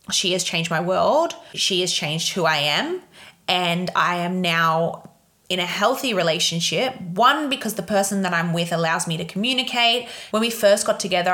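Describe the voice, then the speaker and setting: A woman's voice: fairly low pitch, fairly bright tone. A young woman hosting a solo podcast, talking frankly and emotionally about relationships and swearing freely. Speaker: podcast host. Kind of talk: candid solo podcast monologue.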